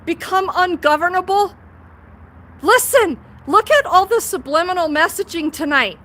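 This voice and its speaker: A woman's voice: extremely high pitch, expressive, moderate pace, fairly bright tone. A woman live-streaming outdoors on a phone, chatting casually, cursing freely and laughing a lot. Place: outdoors at night by a building.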